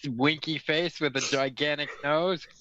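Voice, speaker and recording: A man's voice: fairly high pitch, steady tone, a little slow, sharp tone, no room sound. A man reading fan fiction aloud for laughs, stumbling over words and correcting himself. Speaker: reader and host. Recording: dull lo-fi audio, dry room.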